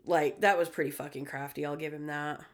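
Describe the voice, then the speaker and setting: A woman's voice: low-pitched, fairly even intonation, brisk. A woman in casual chat, telling a personal story with lots of swearing and acted-out quotes.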